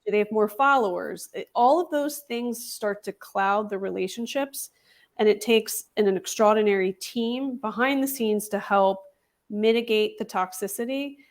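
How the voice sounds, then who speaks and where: A woman's voice: medium pitch, normal speed. Assured woman explaining in an interview. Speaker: podcast host guest. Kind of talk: interview answers.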